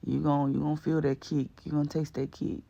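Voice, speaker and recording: A man's voice: on the high side, little pitch movement, fairly quick, vocal fry, warm tone, highs cut off. A man giving a chatty, slangy voice-over for his cooking video, rambling along with lots of fillers. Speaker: cooking vlog host. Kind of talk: casual voice-over narration.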